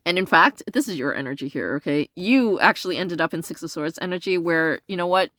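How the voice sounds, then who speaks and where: A woman giving a casual tarot reading, blunt and sassy, swearing freely, padding her talk with fillers and jumping up in pitch when she gets indignant. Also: a little fast, no echo, clean studio sound. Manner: animated jumps into a higher pitch when indignant. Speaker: tarot reader.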